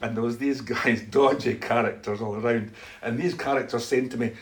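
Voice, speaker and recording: A man's voice: mid-range voice, brisk, crowd noise. A man telling a church testimony as a story, acting out both sides of conversations and laughing often. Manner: animated, acts out dialogue, laughs often.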